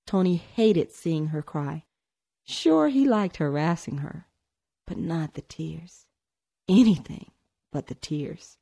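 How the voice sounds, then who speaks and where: Low-voiced woman reading a story. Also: expressive, slow, creaky, warm tone, husky. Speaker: audiobook narrator. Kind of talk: scripted narration.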